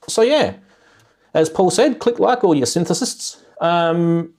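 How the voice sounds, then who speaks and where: A man's voice: fairly high pitch, lively intonation, slow pace, darkish tone. A man hosting a casual live-stream chat show, rambling and laughing often as he talks. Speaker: host.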